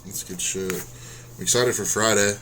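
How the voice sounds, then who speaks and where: A man's voice: lowish voice, steady tone, moderate pace, a loud crowd. An American man hosting a podcast, reacting in a laid-back, profane way in casual chat. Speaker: podcast host.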